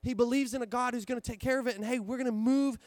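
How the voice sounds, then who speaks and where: A young man in his twenties preaching, telling a story with lively, rambling energy and many restarts. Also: very high-pitched, quick pace, no echo. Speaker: pastor. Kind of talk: sermon. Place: church.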